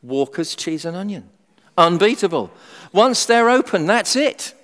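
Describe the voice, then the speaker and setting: Animated male preacher in a reverberant hall. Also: sits high, measured pace. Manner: animated, humorous, acts out everyday voices. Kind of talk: sermon.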